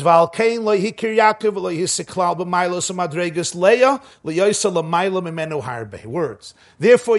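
The high-voiced teacher of this Torah class reads the source quickly, then gives a translation. Explaining it, he slows down and speaks emphatically, occasionally chuckling.

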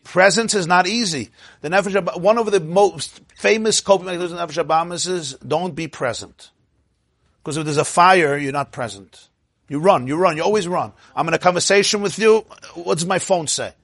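A man with a somewhat husky, slightly high voice leads an informal religious class. He talks in a chatty, digressive way, laughs often and keeps checking in with his listeners. The sound is dry and close. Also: brisk, fairly bright tone, no echo. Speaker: rabbi teaching a class. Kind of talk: informal Torah class lecture.

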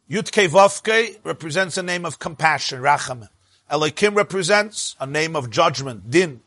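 Teaching a Torah lesson, a man speaks emphatically, his voice rising and dropping sharply to stress points. His pitch is a little high and his tone fairly bright, captured in a dry recording.

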